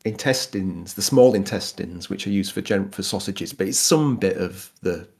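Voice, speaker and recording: A Yorkshire man with a low, darkish voice at normal speed gives a casual conversational explanation of food history as a guest. He speaks in a Yorkshire accent, laughs often and keeps restarting his sentences.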